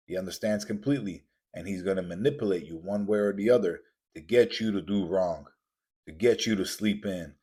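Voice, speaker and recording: A man hosts a podcast with an intense, preachy motivational monologue full of repetition, acting out the voices he quotes. His voice is on the low side, a little mellow, and husky.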